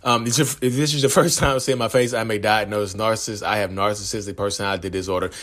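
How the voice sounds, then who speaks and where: Low-voiced man, rambling vlog host. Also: fairly even intonation, fast, a bit bright. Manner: rambling, conversational, frequent restarts and asides to viewers. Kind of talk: casual talk to camera.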